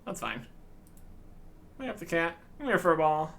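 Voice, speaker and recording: A man's voice: a little high, very animated, a little slow, gravelly, a bit bright. A man hosting a let's-play video, commenting on the game in a wry, joking way. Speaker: game channel host.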